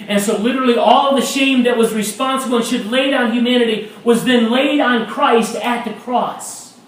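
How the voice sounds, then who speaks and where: A man preaching a sermon as a pastor, animated and rising to shouts at times. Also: extremely high pitch, moderate pace, few pauses. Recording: echoey room, mic at a distance.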